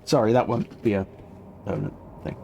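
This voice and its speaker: A man's voice: lowish voice, steady tone, brisk, gravelly, a little mellow, dull audio, a little hiss or hum. A man giving chatty live gameplay commentary as a streamer, swearing casually and talking to his chat.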